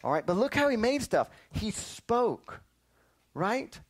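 A man teaching a lively Bible lesson to children, quizzing them and often calling "listen up" to get their attention. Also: high voice, slow. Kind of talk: animated Sunday school lesson.

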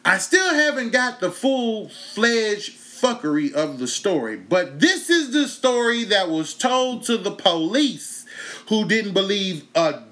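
A man's voice: sits high, slow. A man from Texas, hosting a comedy show and telling a story in a profane stand-up monologue. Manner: profane, animated storytelling, breaks into laughter. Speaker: comedian host.

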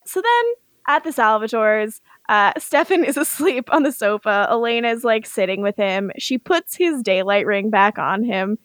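High-voiced woman recapping with laughter. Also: lively intonation, fairly bright tone, no echo. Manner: laughs often, acts out characters' lines in quick voices. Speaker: podcast co-host. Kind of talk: casual chat, recapping a TV episode.

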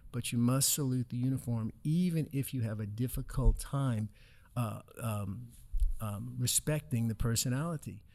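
A man with a middle-pitched voice teaches from scripture in a relaxed conversation. He is earnest and explanatory and tells stories to make his point. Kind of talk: casual discussion.

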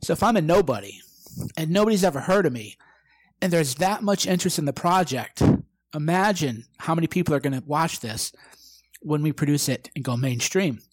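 A man's voice: on the high side, lively intonation, fairly quick, husky, dry recording. A brash man, likely in his twenties, giving a profane motivational talk and acting out quoted exchanges. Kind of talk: direct-to-camera motivational talk.

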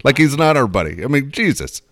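A man's voice: mid-range voice, big pitch swings, a little fast, fairly bright tone. A man hosting a radio show, blunt and cynical, cracking crude jokes in casual chat. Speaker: radio host.

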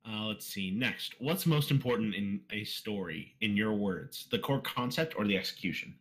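A man's voice: fairly low pitch, normal speed. A man hosting a casual podcast interview, reading out listener questions and teasing his guest. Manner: relaxed, reads out listener questions and teases. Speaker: podcast host.

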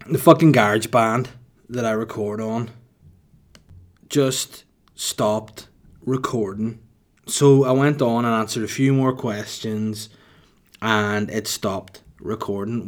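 A man's voice: mid-range voice, a little slow. A man in his thirties hosting a solo podcast, rambling crudely and jokingly with lots of swearing. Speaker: podcast host.

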